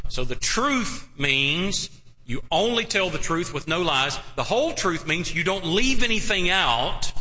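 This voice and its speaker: A man's voice: fairly high pitch, bright, forceful tone. A male pastor preaching a sermon to his church, drawing out words and asking the congregation questions. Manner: emphatic, drawn-out preaching with rhetorical questions. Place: church sanctuary. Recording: reverberant church hall.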